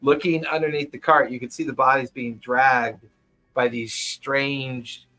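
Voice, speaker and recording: A man narrating as game master in a tabletop game, describing scenes at an unhurried pace and chuckling often. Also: medium pitch, steady tone, sharp tone, poor audio.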